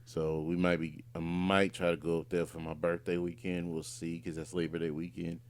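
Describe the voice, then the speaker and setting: In casual chat, a voice actor and podcast co-host tells a rambling story full of fillers and restarts. His voice is low-pitched and flat, and he talks at a normal speed.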